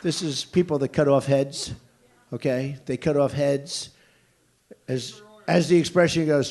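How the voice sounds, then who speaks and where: A man's voice: mid-range voice, measured pace, darkish tone. An older man giving a campaign rally speech and taking questions, talking in a blunt, repetitive, rambling way with emphatic asides. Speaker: political candidate.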